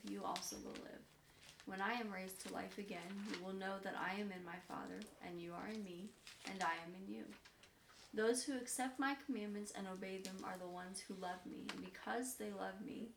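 A woman in a Bible study group reading scripture aloud at a steady, measured pace. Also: medium pitch, gravelly. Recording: echoey room, from a distance, faint noise.

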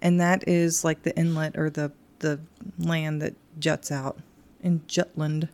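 Brief: woman podcast co-host, low-pitched voice, playful and chatty, laughs often. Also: level tone, measured pace, darkish tone. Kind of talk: casual chat.

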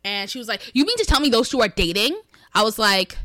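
A woman's voice: on the high side, very animated, a little fast, fairly bright tone. A young woman co-hosting a podcast, chatting casually and giggling as she tells a story and acts out the quoted lines. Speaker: podcast co-host. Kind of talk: casual chat.

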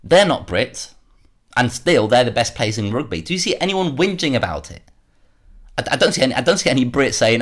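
A man's voice: medium pitch, very animated, brisk. A man hosting a solo commentary podcast, worked up and sarcastic, often repeating words as he rants. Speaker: podcast host.

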